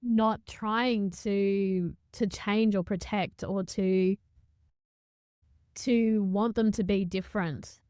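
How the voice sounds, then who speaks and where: Woman host, smooth resonant voice, reflective spiritual chat, stops and restarts often. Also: mid-range voice, steady tone, dark tone, no echo, clean studio sound. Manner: halting, searching for words, lots of restarts. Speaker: podcast host. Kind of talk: reflective conversational podcast talk.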